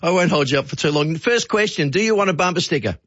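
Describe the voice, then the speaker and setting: Jokey Australian radio host, higher voice. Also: male voice, lively intonation, a bit bright, no echo. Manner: jokey, brisk, upbeat banter. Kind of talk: phone-in radio chat. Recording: slightly dull radio audio.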